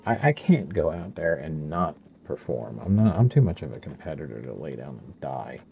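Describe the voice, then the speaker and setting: A man's voice: a bass voice, big pitch swings, normal speed, gravelly, phone-quality sound, slight background noise. A talkative man in his fifties chatting casually over gameplay as a streamer, rambling from story to story and laughing often. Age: 50s. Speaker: gaming streamer.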